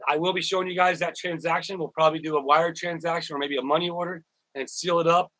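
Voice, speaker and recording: A man's voice: fairly high pitch, steady tone, fast, bright, forceful tone, no room sound, rough recording. A man hosting a casual live stream, rambling, repeating words and thanking viewers by name. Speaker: YouTuber live-stream host.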